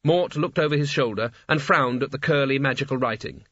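A man reading a story aloud as narrator in an even storytelling manner. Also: medium pitch, a little fast, dry recording, dull audio. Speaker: audiobook narrator. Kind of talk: scripted narration.

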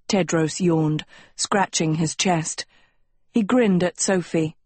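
A woman narrating an audiobook chapter in a measured, even storytelling manner. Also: lowish voice, husky, no echo. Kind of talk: scripted narration.

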